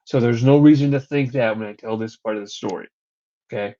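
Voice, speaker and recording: A young man co-hosting a laid-back wrestling recap talks fairly quickly in a warm, mid-range voice. His profane, rambling stories come through on a dull, lo-fi recording.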